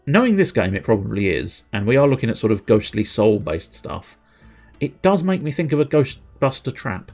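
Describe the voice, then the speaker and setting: A man's voice: medium pitch, big pitch swings, normal speed, a little mellow, soft background music. A man casually commenting while streaming a video game, with rambling, self-mocking asides.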